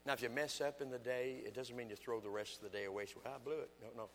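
A man's voice: medium pitch, steady tone, racing, fairly bright tone, long reverb tail, slight background noise. An older man, an evangelist, preaching a folksy sermon full of home stories and asides. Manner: folksy storytelling, acts out his wife's lines. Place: church sanctuary.

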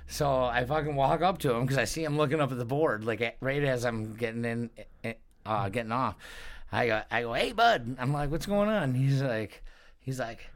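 A man's voice: medium pitch, steady tone, normal speed. A man co-hosting a casual chat, telling a travel anecdote in a laid-back, swearing way. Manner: laid-back, profane storyteller. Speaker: podcast co-host. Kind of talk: casual storytelling.

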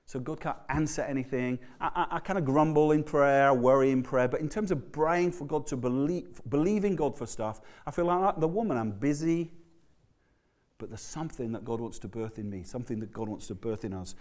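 A man's voice: mid-range voice, fairly quick. A man preaching a sermon in a loose, conversational way, often stumbling and restarting words as he tells the story. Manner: conversational, animated, stammering restarts. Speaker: pastor.

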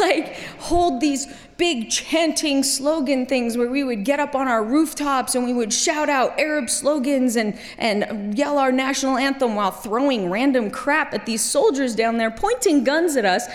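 A middle-aged woman from Kuwait telling a personal story on stage, wry and lively, laughing at herself, then quiet and grave. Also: sits high. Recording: long hall reverb.

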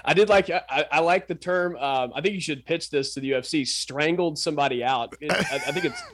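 A man's voice: fairly high pitch, brisk, a bit bright. A man co-hosting a casual sports podcast, teasing his partner in playful banter. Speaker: podcast co-host.

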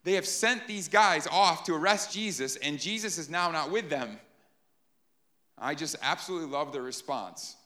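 A man's voice: a little high, lively intonation, normal speed, bright, forceful tone. A man preaching a sermon in a conversational way, often checking in with the listeners by asking "right?". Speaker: pastor.

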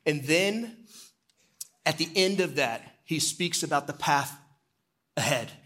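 A man's voice: expressive, slow pace. Man preaching a storytelling sermon. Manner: storytelling, drops low and quiet for solemn moments. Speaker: executive pastor.

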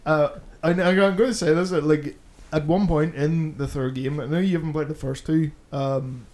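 A man's voice: on the high side, steady tone, normal speed, darkish tone. Sweary, rambling male podcast host. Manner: swears freely, rambling with restarts. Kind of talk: casual chat.

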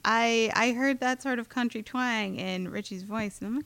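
A woman co-hosting a podcast in casual chat, deadpan and playful. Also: a little high, moderate pace, smooth, no room sound. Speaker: podcast co-host.

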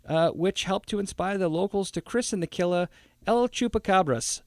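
A man's voice: sits high, moderate pace, dry recording, studio quality. A man co-hosting a casual podcast, reading out a story and joking along with heavy swearing. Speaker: podcast co-host.

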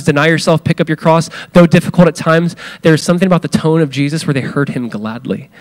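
A male pastor preaching a sermon in a loose, conversational way, filling his talk with "like" and acting out the quoted lines with big swings in his voice. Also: fairly high pitch.

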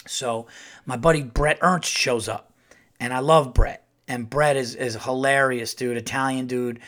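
A middle-aged man telling a casual, animated story as a comedian hosting his podcast. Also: measured pace. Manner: animated, acts out quotes in a louder higher voice.

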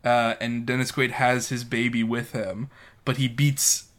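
A man's voice: medium pitch, flat delivery, unhurried, fairly bright tone. A man co-hosting a film podcast in casual chat, wry and joking. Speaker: podcast co-host.

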